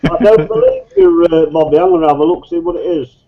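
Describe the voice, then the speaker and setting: A man joins a casual group video chat as a guest, teasing and laughing. His voice sits a little high and moves a lot. The call audio sounds muffled. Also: huge pitch swings, fast, husky.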